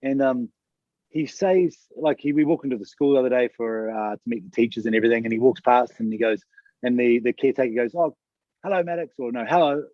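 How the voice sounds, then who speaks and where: A fast-talking man tells lively stories and acts out the lines of the people in them. His mid-range voice comes through dry, with no room sound. The audio is a little dull. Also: medium pitch, no echo. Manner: animated storyteller who acts out other people's lines. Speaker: podcast co-host. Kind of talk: casual podcast storytelling.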